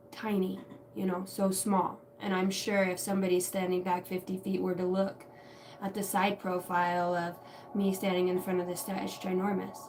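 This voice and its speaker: Speaking in a lowish, slightly mellow voice, a tarot and intuitive reader hosts a livestream, wandering from thought to thought in a reflective, chatty manner with the occasional curse. She's seated some distance from the mic, and a faint hum of background noise sits beneath her.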